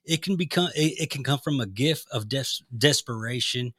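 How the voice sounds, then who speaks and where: A man's voice: mid-range voice, animated, normal speed, bright, forceful tone, slightly rough. A man co-hosting a casual talk, explaining ideas plainly and checking in with his listener to see whether it makes sense. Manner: explains plainly, checks in with "you feel what I'm saying?". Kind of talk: casual conversation.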